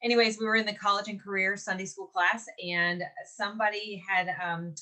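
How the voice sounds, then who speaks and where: A woman in her forties, originally from Mississippi, tells a personal story as a podcast co-host. Her voice is bright and forward. She talks casually, slips into acted quotes and laughs as she goes. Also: mid-range voice, brisk. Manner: animated, laughs often, acts out quotes.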